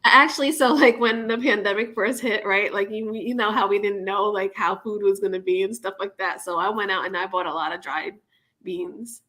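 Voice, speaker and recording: A woman participant in a casual online group chat, chatty and quick to laugh. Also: mid-range voice, steady tone, sharp tone. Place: video call.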